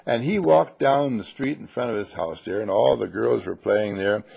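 A man telling a bedtime story to children, gentle and animated, with restarts. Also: on the low side, normal speed, creaky, husky, highs cut off.

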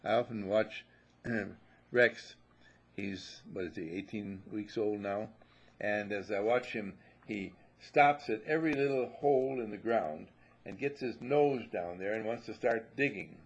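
A man's voice: lowish voice, measured pace, husky, dull audio. A man giving a spiritual talk, musing and telling stories, and sometimes repeating himself. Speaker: spiritual teacher.

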